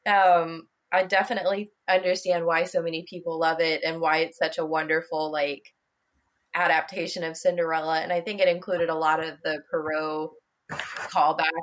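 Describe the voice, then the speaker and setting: A woman's voice: deep voice, flat delivery, fairly bright tone. Chatty laughing woman podcaster. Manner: chatty, laughs often, quick asides with mock quotes. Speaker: podcast co-host. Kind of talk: casual chat.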